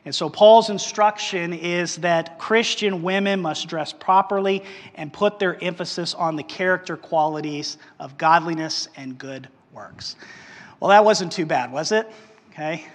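A male pastor giving a casual, conversational sermon, often checking in with "okay?" and filling pauses with "uh". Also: a little high, a bit bright, in a large hall. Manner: conversational preaching with frequent "okay?" and "uh" fillers.

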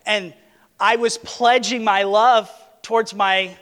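High-voiced earnest preacher in a reverberant church. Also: male voice, steady tone, takes it slowly, fairly bright tone. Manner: earnest, emphatic, repeats key words. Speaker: pastor. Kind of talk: sermon. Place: church sanctuary, on a platform.

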